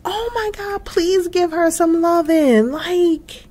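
A young woman giving casual gameplay commentary, expressive and exclaiming often as she talks to her viewers. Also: very high voice, takes it slowly. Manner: frequent laughs. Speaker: gaming channel host.

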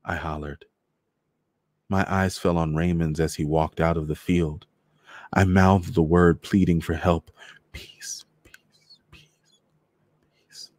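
A man doing a cold read of a short story in a measured, steady way. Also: sits low, no echo.

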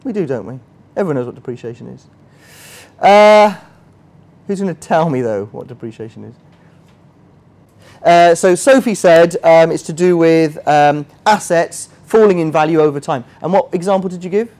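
Higher-voiced man teaching a chatty workshop. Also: lively intonation, normal speed, darkish tone. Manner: chatty, quizzes the audience, self-mocking asides. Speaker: finance workshop trainer. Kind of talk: interactive teaching. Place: workshop room with a live audience.

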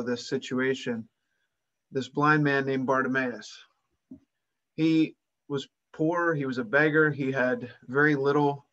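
A man's voice: medium pitch, fairly bright tone, dull audio. A man preaching a sermon, retelling a Bible story and acting out its voices with rising emphasis.

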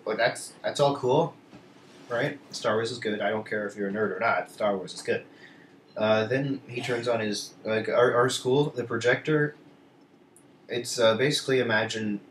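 A man's voice: medium pitch, a little hiss or hum. A teenage boy vlogging casually, rambling through a story with many restarts and asides. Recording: echoey room, mic at a distance.

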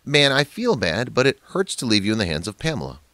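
A man's voice: mid-range voice, very animated, fast talker, pushed and bright, no echo. A man reading a dying old wife. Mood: worried. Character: dying elderly wife, worried and tender.

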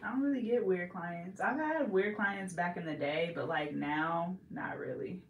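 A woman's voice: lowish voice, unhurried, reverberant. A young woman from California, a hair braider, chatting playfully and teasing while she works, laughing often. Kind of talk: casual chat while braiding.

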